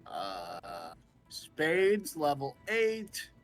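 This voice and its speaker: A man playing in a casual tabletop game, hesitant and fumbling, filling pauses with "uh". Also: fairly high pitch, wildly swooping pitch, soft background music. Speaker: player.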